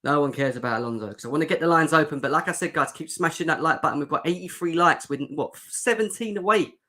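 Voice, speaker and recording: A man's voice: a little high, fast talker, bright, forceful tone. A young man hosting a fan livestream, chatting sarcastically and reacting to comments from the chat. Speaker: fan show host.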